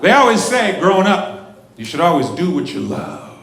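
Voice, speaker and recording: Rowdy stand-up comic, crowd roaring. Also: male voice, high-pitched, sing-song, moderate pace, vocal fry. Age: 40s. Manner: crude, self-mocking, bursts into shouted bits. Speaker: stand-up comedian. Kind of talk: stand-up comedy set. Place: comedy club stage. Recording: roomy club with loud crowd. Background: audience laughter.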